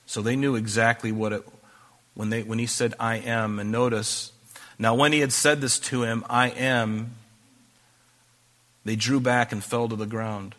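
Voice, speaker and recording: A man's voice: mid-range voice, steady tone, unhurried, pauses often, fairly bright tone. A man preaching a sermon, reading scripture aloud and breaking off into conversational asides. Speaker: pastor.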